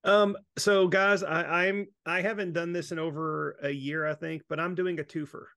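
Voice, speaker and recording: Brief: enthusiastic man, gravelly, slightly high voice, stop-start delivery. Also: steady tone, pushed and bright, no echo, studio quality. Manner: enthusiastic, halting restarts. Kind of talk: casual chat.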